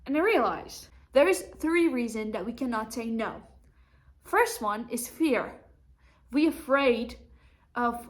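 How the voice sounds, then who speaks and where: Young woman vlogging from home, kinda high voice, does little voices when she quotes people. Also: expressive, slow pace. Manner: acts out quoted dialogue in a raised voice. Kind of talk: personal storytelling to camera.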